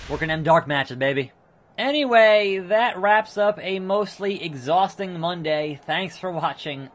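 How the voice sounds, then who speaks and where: A man hosting a let's play, giving excitable, self-mocking gameplay commentary. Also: a little high.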